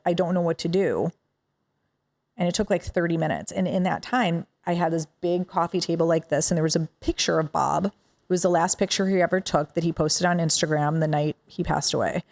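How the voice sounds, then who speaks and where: A woman guest on a podcast, telling a personal story in an animated, conversational way with lots of quoted dialogue. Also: lowish voice, vocal fry.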